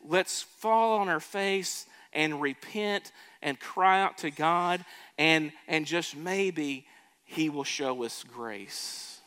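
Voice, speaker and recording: A man preaching with a bright, forceful, somewhat high voice that swells with emphasis and doubles back on his words. His sermon rings out in a big room with a long reverb trailing each phrase. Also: takes it slowly, smooth. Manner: earnest preaching with rising emphatic swells and repeated restarts. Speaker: pastor.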